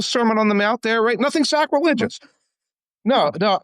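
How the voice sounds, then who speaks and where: A man's voice: extremely high pitch, normal speed, a bit bright, smooth, no echo. A man co-hosting a casual sports podcast, joking wryly and stumbling over repeated words. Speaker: podcast co-host. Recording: dry close sound.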